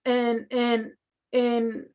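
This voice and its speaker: A woman's voice: fairly high pitch, monotone, very slow, darkish tone, smooth. A woman who works as a spiritual coach, talking casually and rambling with many fillers and restarts as she answers viewer questions. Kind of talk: casual talk to camera.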